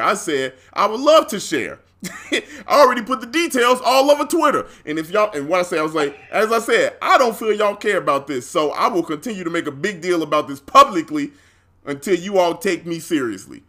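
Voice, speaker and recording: Podcast co-host, male, animated storyteller with a bright, high and very expressive voice, quick to laugh and swear. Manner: animated, acts out the other people's lines, laughs often, swears freely. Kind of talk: casual storytelling chat.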